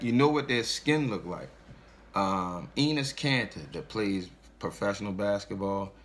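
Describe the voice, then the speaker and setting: Gravelly man ranting aggressively. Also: lowish voice, fairly bright tone, slight background noise. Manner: aggressive, profane, preaching. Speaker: online commentator. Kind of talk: angry religious rant to camera.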